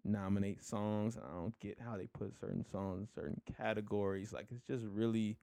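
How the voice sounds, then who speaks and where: A man's voice: on the low side, fairly even intonation, normal speed, gravelly, mellow, no room sound, clean studio sound. A young man co-hosting a podcast, chatting in a laid-back, rambling way and laughing easily. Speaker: podcast co-host. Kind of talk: casual chat.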